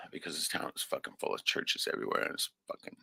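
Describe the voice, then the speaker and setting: A man's voice: quick pace, pushed and bright, dry recording. A man hosting a livestream, speaking an emotional, unscripted monologue in a raw, profane way, often tagging sentences with "right?". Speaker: livestream host.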